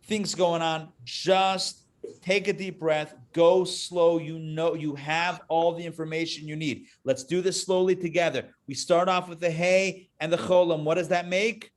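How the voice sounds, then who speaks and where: Chatty male reading teacher on a video call, a touch high-pitched, joking while drilling syllables. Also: fairly even intonation, measured pace. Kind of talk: live online class teaching.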